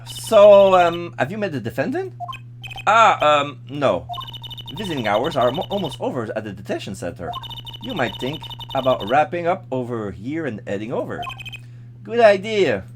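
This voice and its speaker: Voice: mid-range voice, big pitch swings, normal speed, noisy background. A let's play host chatting casually and reading game dialogue aloud with jokes. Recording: game music playing behind.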